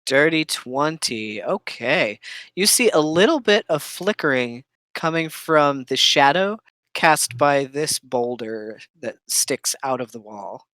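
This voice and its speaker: Smooth-voiced game master with a dry sound. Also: mid-range voice, animated, slow pace, a bit bright, no room sound. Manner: patient, checks rules aloud while narrating. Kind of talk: running a tabletop game over voice chat.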